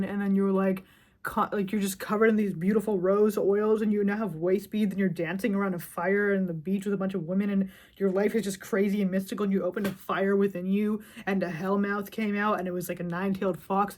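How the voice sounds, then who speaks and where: A young woman giving a profane, emphatic rant straight to camera, with loud outbursts and quieter asides. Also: mid-range voice. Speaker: vlogger. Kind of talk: ranting monologue to camera.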